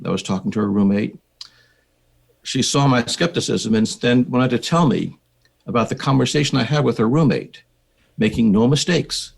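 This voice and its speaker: An older man with an American accent, a psychiatrist being interviewed on a podcast, telling his story in a measured, reflective way. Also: mid-range voice, gravelly, husky. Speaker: psychiatrist and researcher, guest.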